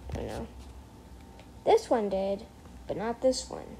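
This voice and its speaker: A woman's voice: medium pitch, very animated, takes it slowly, creaky, dark tone, a little hiss or hum, low-quality recording. A female gamer chatting casually over her gameplay, rambling, correcting herself mid-sentence and slipping into mock outrage. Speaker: gameplay streamer.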